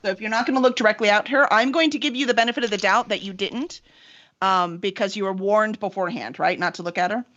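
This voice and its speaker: A woman running a tabletop game as game master, casual and quick with her asides. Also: mid-range voice, muffled recording. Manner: lively, laughs often, quick asides.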